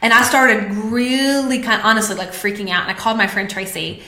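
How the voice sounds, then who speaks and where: Her mid-range voice stays steady in tone, runs a little fast, and sounds pushed and bright amid reverb. The podcast host is live-streaming on a webcam or phone, opening up candidly to viewers with many fillers.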